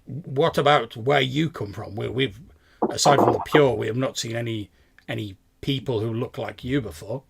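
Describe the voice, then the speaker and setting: A man voicing a gruff, muscular male villager who distrusts outsiders. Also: mid-range voice, normal speed, crowd noise, close to an everyday voice. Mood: grim.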